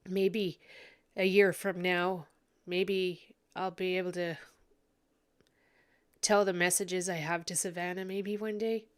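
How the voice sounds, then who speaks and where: Tearful woman psychic, slow and halting, low voice, vlog commentary. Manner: hesitant, many ums and restarts. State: tearful, sniffly. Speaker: psychic reader.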